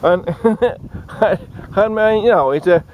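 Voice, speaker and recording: A man with an Australian accent delivering a satirical monologue, giving deadpan, sarcastic mock advice outdoors. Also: high voice, extremely slow, muffled recording, slight background noise.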